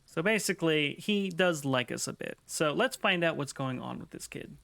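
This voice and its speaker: A man thinking aloud through casual video game commentary, hesitating with ums as he weighs his options. His pitch sits a little high and moves a lot, with a bright, gravelly edge. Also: lively intonation, moderate pace, slight background noise. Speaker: streamer.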